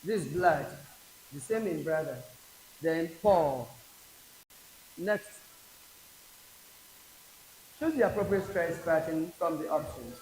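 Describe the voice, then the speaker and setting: A Nigerian man tutoring an English exam class, his voice sitting a touch high and moving at a slow, deliberate crawl. He says each word twice or more so students can copy it. The sound bounces around an echoey room, with a faint hiss underneath. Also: expressive, darkish tone. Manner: slow, repeats each word aloud for drilling. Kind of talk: exam prep class lecture.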